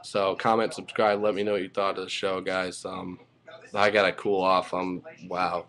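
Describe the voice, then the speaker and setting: A man giving an excited, profane, rambling casual review as a wrestling fan, full of fillers. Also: sits low, normal speed, low-quality recording.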